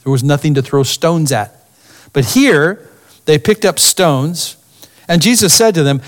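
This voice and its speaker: Male pastor, slightly higher voice, expressive sermon delivery with hushed asides. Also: moderate pace. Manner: expressive preaching, drops to near-whisper for emphasis.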